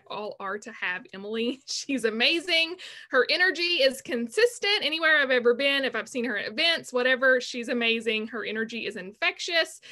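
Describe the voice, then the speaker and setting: A woman with a fairly high, bright voice speaks as a guest on a video call. She gushes and bubbles along, laughing easily as she talks. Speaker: guest team member. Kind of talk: casual excited chat.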